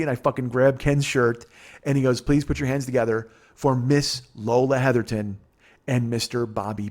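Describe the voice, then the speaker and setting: Podcast host, forties, male, mid-pitched, swears a lot, rambles excitedly through anecdotes. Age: 40s. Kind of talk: casual storytelling chat.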